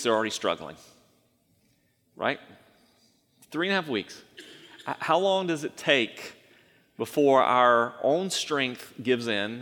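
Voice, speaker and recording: Male pastor, lively delivery, big echoing church sound. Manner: animated, swings between loud emphasis and low asides. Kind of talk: sermon. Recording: long hall reverb.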